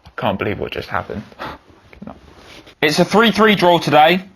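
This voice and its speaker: A young man giving excitable commentary over a football video game, yelling when goals go in. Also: fairly high pitch, moderate pace, vocal fry, long pauses, husky. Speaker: gaming YouTuber.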